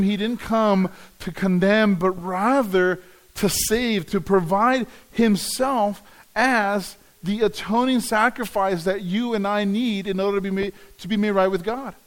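A man's voice: high voice, unhurried. A man preaching a sermon, earnest, often repeating words as he restarts a phrase. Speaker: pastor.

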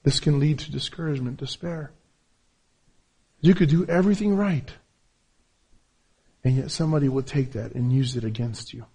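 A man's voice: mid-range voice, moderate pace, pauses often, mellow, slightly rough. A pastor preaching a sermon in English, his second language, with a non-native accent and emphatic, repetitive phrasing. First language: not English.

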